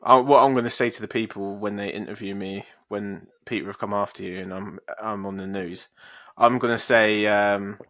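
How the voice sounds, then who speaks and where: A man's voice: fairly low pitch, fairly even intonation, moderate pace, hardly any pauses, fairly bright tone, no echo, clean studio sound. A young man co-hosting a podcast, swearing, teasing and laughing as he talks. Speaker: podcast co-host. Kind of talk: casual chat.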